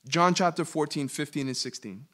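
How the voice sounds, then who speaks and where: A man preaching an interactive Bible lesson with an emphatic, questioning delivery. His voice sits a bit high for a man and rings with a bright, forceful edge. He slows down to press key words home. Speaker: pastor teaching a Bible study. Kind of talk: interactive sermon teaching.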